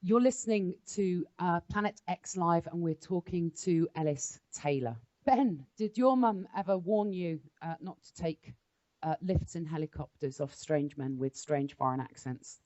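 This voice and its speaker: A woman's voice: fairly low pitch, moderate pace, dark tone, no echo, muffled recording. A woman presenting a radio show and teasing her co-host playfully.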